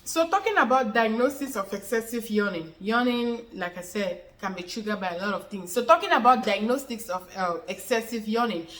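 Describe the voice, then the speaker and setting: A woman's voice: a little high, animated, a little fast, few pauses, fairly bright tone, echoey room. A woman giving an unscripted explainer on a health topic, repeating her points and using many fillers. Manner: repetitive, circles back to points, many fillers. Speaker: health educator. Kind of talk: unscripted explainer talk to camera.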